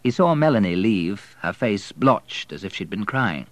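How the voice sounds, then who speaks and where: A man narrating an audiobook in a low, steady voice. His reading is measured and even. The recording is dry, with no room sound. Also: no room sound. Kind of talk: scripted narration.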